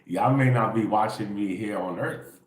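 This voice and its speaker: Hosting a spiritual livestream at dawn, a man with a very low, deep voice talks at a moderate pace in a loose, rambling style. He keeps it hushed and casual, tagging "bro" or "right?" onto most sentences, with noticeable room echo.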